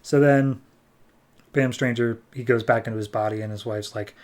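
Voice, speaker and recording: A man's voice: mid-range voice, steady tone, moderate pace, darkish tone. Chatty man recapping comics. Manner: chatty, jokey, acts out scenes. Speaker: comic book podcast host.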